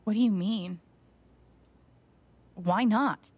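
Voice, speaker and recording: A husky, guarded young woman. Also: mid-range voice, extremely slow, a little mellow, dry recording. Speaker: playable lead in a video game.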